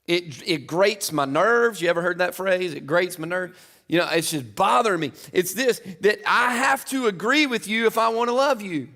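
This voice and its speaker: A middle-aged man preaching a sermon in a church, chatty and casual, building to loud, emphatic peaks. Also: high-pitched, moderate pace. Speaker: pastor. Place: church auditorium.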